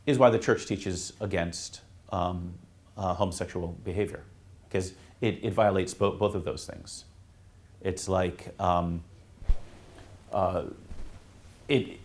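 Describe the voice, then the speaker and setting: Lowish-voiced priest teaching a class. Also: male voice. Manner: halting, with many fillers and restarts. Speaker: Catholic priest teaching students. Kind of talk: informal classroom talk.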